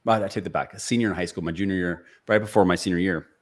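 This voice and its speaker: Deep-voiced earnest motivational storyteller man. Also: racing. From Seattle area. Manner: earnest, motivational, frequent restarts and fillers. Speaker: podcast guest, sales speaker and author. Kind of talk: conversational storytelling interview.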